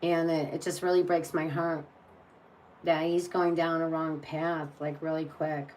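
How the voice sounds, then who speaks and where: A woman's voice: deep voice, little pitch movement, unhurried, a little mellow, slight background noise, low-quality recording. Blunt, rambling woman tarot reader. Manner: blunt, exasperated, rambling with many restarts. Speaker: tarot reader on a live stream. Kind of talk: casual live-stream chat.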